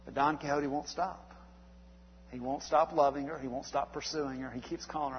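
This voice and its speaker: A man's voice: medium pitch, moderate pace, highs cut off, slight background noise. Man preaching in a reverberant hall. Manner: conversational preaching with frequent uhs and restarts. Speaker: pastor. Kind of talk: sermon.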